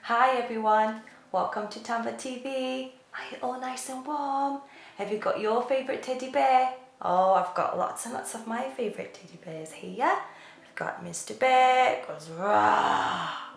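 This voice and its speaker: A woman hosting a children's channel who reads a bedtime story in a playful, animated, sing-song way. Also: a little high, normal speed, creaky. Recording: echoey room with faint music.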